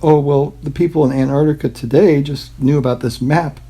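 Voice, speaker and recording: A man's voice: on the high side, steady tone, fairly quick, mellow, breathy edge, low-quality recording. A man hosting his own channel, rambling casually and irreverently about old maps, swearing and mocking himself. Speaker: YouTube channel host.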